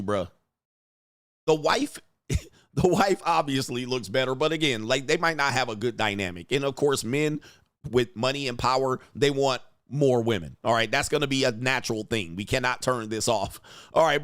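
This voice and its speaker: A man's voice: mid-range voice, sing-song, normal speed, fairly bright tone, dry recording, clean studio sound. A man hosting a livestream, giving crude, combative commentary, berating his chat and laughing often. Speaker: livestream show host and dating coach.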